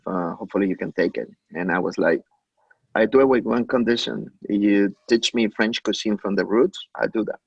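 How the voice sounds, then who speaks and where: Man from Mexico, chef telling stories, gravelly, husky, lower voice, dry muffled sound. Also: no room sound. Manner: anecdotal, acts out quoted dialogue, halting with many restarts. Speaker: chef, interview guest. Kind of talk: conversational interview.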